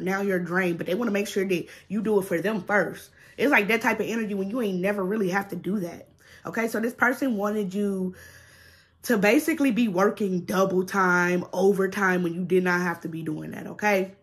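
A young adult woman doing a casual tarot reading to her viewers, blunt and full of swearing, who keeps checking in with "okay?". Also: mid-range voice. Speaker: tarot reader.

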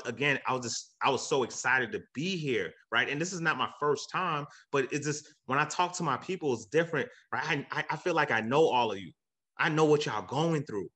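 A man's voice: medium pitch, sharp tone. A man who works as a real estate agent, giving a hyped, emotional motivational talk on a livestream. He repeats himself often and cheers people on. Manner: hyped, repetitive, cheering on donors; earnest and emotional when preaching.

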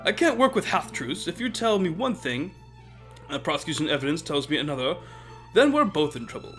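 A pompous bird lawyer declares in stiff, formal legalese, as a man acts him out in a game. His pitch leaps up and down. Faint music plays behind him. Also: big pitch swings, brisk, fairly bright tone. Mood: stern. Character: pompous bird defense attorney, male, sharp.

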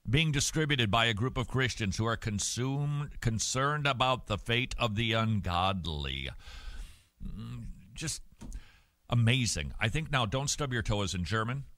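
A man hosting a Christian talk show, giving opinionated commentary in an animated, sarcastic way with jokey asides. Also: mid-range voice, measured pace, no room sound. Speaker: radio host.

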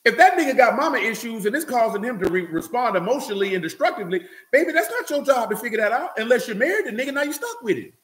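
A man's voice: very high voice, very animated, very fast, hardly any pauses, fairly bright tone, reverberant. A man giving a loose, conversational sermon, talking directly to listeners and often checking they follow him. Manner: talks loosely and directly, often asking "you know what I'm saying". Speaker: preacher.

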